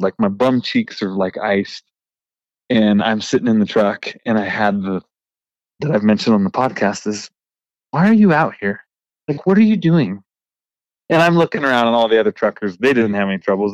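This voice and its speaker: A man who works as a trucker, hosting a podcast and telling an animated, frustrated story in casual chat with a laugh now and then. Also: lowish voice, brisk, no room sound, lo-fi sound. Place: remote recording.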